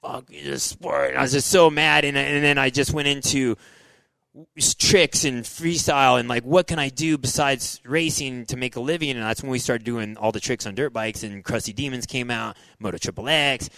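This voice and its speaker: Man, 40s, ex-racer guest, casual storyteller, lively delivery, dry close mic. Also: medium pitch, moderate pace, vocal fry, no room sound. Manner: animated, says "dude" and "like" a lot, acts out his own past thoughts. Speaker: guest, former motocross racer.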